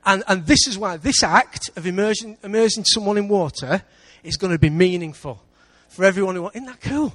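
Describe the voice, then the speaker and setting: A lively English preacher man. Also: high-pitched, a little fast, hardly any pauses. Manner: lively preaching with big swings in loudness. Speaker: pastor. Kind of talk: sermon. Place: church.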